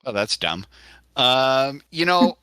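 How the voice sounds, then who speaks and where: A man talks through his character's moves in a tabletop game, often restarting and correcting himself mid-sentence. His voice is bright and forward, with a dry, close sound. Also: mid-range voice, very animated, slow pace, clean tone, no echo. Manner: rambling, self-correcting. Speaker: player.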